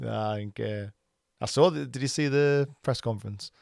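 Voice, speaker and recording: A man's voice: medium pitch, moderate pace, vocal fry, a little mellow, dry recording, clean studio sound. A man co-hosting a football podcast, easygoing, chuckling often and ending points with tag questions. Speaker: podcast co-host. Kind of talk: casual football chat.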